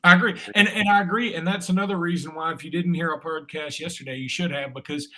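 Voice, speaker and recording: A man's voice: fairly high pitch, steady tone, quick pace, pushed and bright. A man co-hosting a sports podcast, talking casually and rambling with frequent restarts and filler words. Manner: chatty, rambling with repeated restarts. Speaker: podcast co-host.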